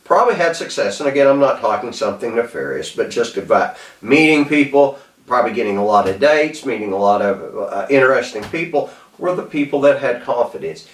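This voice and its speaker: Southern man giving a folksy pep talk. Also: medium pitch. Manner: rambling, restarts, folksy. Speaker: speaker on self-improvement. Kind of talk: casual motivational talk. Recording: echoey room, mic at a distance.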